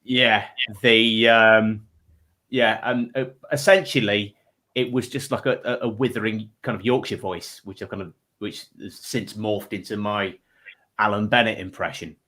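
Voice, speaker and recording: A man's voice: on the low side, steady tone, unhurried, pushed and bright. A man in his thirties hosting a comedy panel show, rambling and self-deprecating with stumbling restarts. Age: 30s.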